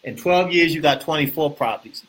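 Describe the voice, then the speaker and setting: A man hosting a casual real estate talk, animated and preachy, often repeating himself and asking the viewers questions. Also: fairly high pitch, fairly quick. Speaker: host.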